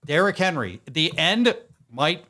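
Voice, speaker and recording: A man's voice: a little high, big pitch swings, normal speed, bright, forceful tone. A man hosting a fantasy sports podcast, reading off stats with emphatic, playful delivery. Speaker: podcast host.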